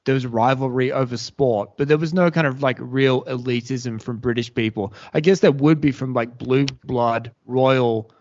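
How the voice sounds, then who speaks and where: Man with a mid-pitched voice, podcast host, rambling and halting, dull lo-fi sound. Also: fairly even intonation, darkish tone. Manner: rambling, halting, many restarts. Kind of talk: casual podcast chat.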